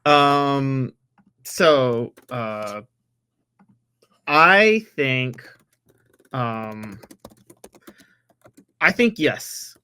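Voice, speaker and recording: Slow, hesitant male co-host. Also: mid-range voice, expressive, sharp tone, smooth. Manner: hesitant, thinking aloud with fillers. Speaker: sports podcast co-host. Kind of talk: casual sports talk.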